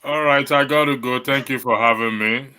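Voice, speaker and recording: A man's voice: medium pitch, fairly even intonation, normal speed, sharp tone, clear, resonant tone. A man on an online panel who teases the others. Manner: joking, teasing.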